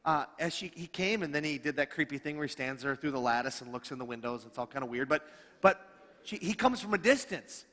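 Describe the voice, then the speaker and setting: A middle-aged male pastor tells stories from the pulpit, slightly high-voiced and animated, slipping into the voices of the people in his tales. His words ring out with a long reverb off a church sanctuary. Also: brisk. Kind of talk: storytelling sermon.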